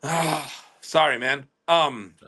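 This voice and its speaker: A man, a comedian, chatting in a loose, excitable way over a remote call, swearing freely and jumping between thoughts. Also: on the high side, slow. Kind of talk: casual podcast chat.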